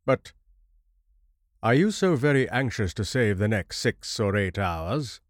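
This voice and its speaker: A man voicing a bitter, reclusive older male scholar in a horror story reading, with a measured, grave and formal delivery. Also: lowish voice, animated, no echo, studio quality.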